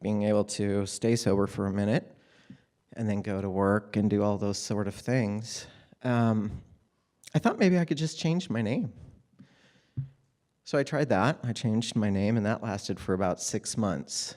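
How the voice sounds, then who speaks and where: In a fairly low voice and at a slightly slow pace, a man candidly and wryly recounts his own life as live storytelling, becoming animated at times.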